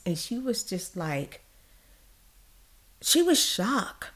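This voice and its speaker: A woman's voice: mid-range voice, sing-song, takes it slowly, pauses often. A middle-aged woman telling a personal story in casual vlog chat, acting out the people she quotes. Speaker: vlogger.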